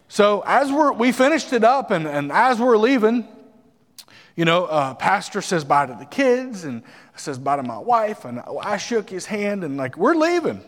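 A man, a missionary, telling a personal story to a congregation, animated and quoting others as he goes. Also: sits high, long reverb tail. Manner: animated testimony, quotes others in voices. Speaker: missionary speaker. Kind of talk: sermon storytelling.

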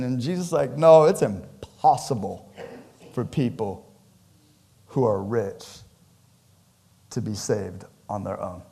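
A pastor preaching a sermon in a church, animated and conversational, joking with his congregation, his pitch and loudness swinging widely. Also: slow pace, creaky, long pauses.

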